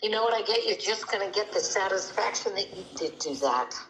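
A middle-aged woman therapist speaking over a phone line, soothing and gently persistent. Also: medium pitch, lively intonation, a little fast. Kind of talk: phone counselling.

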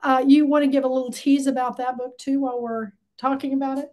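Woman in her sixties, book club host on a video call, chatty and eager, high, mellow voice. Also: flat delivery, fast talker. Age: 60s. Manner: chatty and enthusiastic. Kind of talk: casual video call chat.

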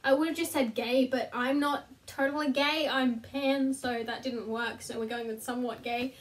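A woman's voice: high voice, fairly even intonation, moderate pace, recorded from a distance. A young woman chatting casually to camera from her bedroom floor, self-deprecating and laughing at herself. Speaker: vlogger. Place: bedroom, sitting on the floor between two beds.

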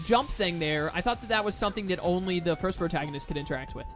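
A man's voice: on the high side, quick pace, few pauses, a bit bright. A man giving casual, jokey commentary while playing a video game. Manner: laid-back, jokey, says "dude". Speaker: let's-play gamer. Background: faint game music.

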